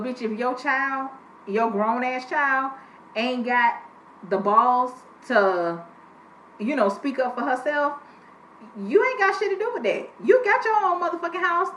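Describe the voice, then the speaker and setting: A woman giving a blunt, profane, animated casual review of a reality TV episode. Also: high-pitched, a little hiss or hum. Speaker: TV show reviewer. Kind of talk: casual chat. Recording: echoey room with faint ambience.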